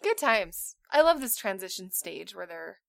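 A woman in her thirties co-hosting a podcast in casual chat, telling animated stories and laughing often. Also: mid-range voice, normal speed, vocal fry, dry recording, clean studio sound. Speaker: podcast co-host.

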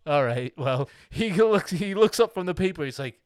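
A man's voice: fairly high pitch, unhurried, few pauses, dry recording, studio quality. A man co-hosting a casual movie podcast, animatedly retelling and acting out scenes. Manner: animated, acts out quoted lines. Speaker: podcast co-host.

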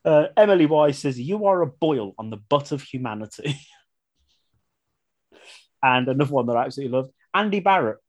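Lively man hosting a podcast. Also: mid-range voice, fairly quick, long pauses. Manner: lively, laughs often while reading out lines. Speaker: podcast host. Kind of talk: casual podcast chat, reading listener submissions.

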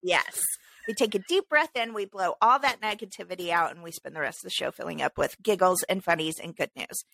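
A woman's voice: lowish voice, a little fast, gravelly, fairly bright tone, dry recording. A woman co-hosting a casual podcast, talking in an emphatic, ranting way. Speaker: podcast co-host.

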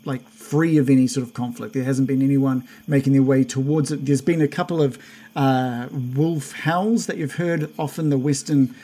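A man running a tabletop game as game master, narrating in a halting way with many fillers and restarts. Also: mid-range voice, fairly even intonation, warm tone.

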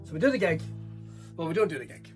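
A Scottish man doing stand-up, telling stories in a sweary, animated way. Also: fairly high pitch, fast talker, husky, soft background music. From Scotland. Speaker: stand-up comedian. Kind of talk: stand-up routine.

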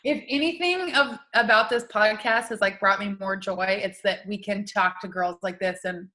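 A woman co-hosting a podcast in casual chat, talkative and quick to laugh, swearing offhandedly. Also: medium pitch, bright, forceful tone. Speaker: podcast co-host.

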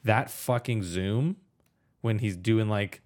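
A man in casual podcast chat about a movie, animated, swearing freely and acting out lines he quotes. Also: fairly low pitch, slow pace. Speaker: podcast co-host.

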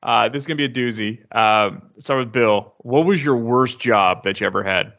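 Bright-voiced male podcast host. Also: medium pitch, vocal fry. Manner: brisk, question-asking, laughs easily. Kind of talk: casual chat. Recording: dull lo-fi podcast audio.

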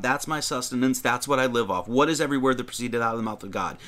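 Guy reading scripture and riffing on it, bright forceful voice, loose chatty sermon. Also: medium pitch, fairly quick, hardly any pauses. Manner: conversational, with many restarts and emphatic lists. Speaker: preacher.

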